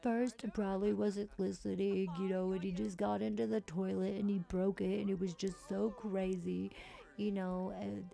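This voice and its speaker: A woman's voice: medium pitch, little pitch movement, normal speed, gravelly, warm tone. A woman voicing a stressed young man who rambles and swears while venting about his day. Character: stressed young adult man, frazzled brother.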